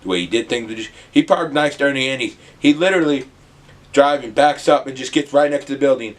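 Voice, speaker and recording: A young man from the US Midwest, telling a rambling, animated storytime with some swearing. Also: medium pitch, fast talker. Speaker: vlogger. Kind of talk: casual storytime.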